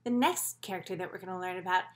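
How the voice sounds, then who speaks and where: A woman teaching a children's story movement lesson in an animated, encouraging way. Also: on the low side, fast, heavy background noise.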